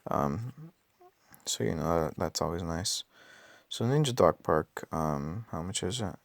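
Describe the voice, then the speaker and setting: A man with a raspy, just-woken-up voice, thinking aloud with many ums and self-corrections during casual gameplay commentary. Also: deep voice, animated, a little slow, no room sound. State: just woke up. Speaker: mobile game player.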